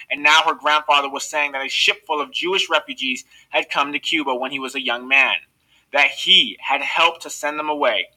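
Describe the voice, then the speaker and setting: A man reads a novel aloud for his listeners, keeping an earnest, steady pace through the story. His voice is very bright and sits a touch above average pitch. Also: poor audio.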